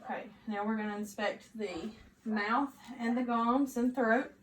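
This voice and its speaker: A woman's voice: on the high side, measured pace, slight background noise. Woman narrating a nursing exam. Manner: steady, instructive, step-by-step directions. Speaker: nursing student performing an exam. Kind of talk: narrated physical assessment demo. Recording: echoey room with faint ambience.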